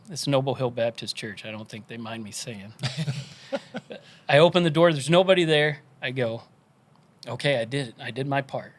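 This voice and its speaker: A man on a podcast telling his conversion story in an earnest, animated way, moved to tears. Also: medium pitch. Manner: earnest, animated storytelling with quoted inner voices. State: tearful, crying. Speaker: podcast guest.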